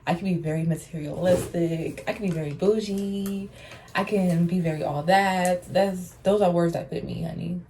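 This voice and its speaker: A young woman chats to the camera in a casual get-ready-with-me vlog, her voice on the low side with a warm, mellow tone. She is blunt and sassy, swears freely, and keeps calling viewers honey. A faint hum sits behind her. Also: steady tone, normal speed. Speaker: vlogger.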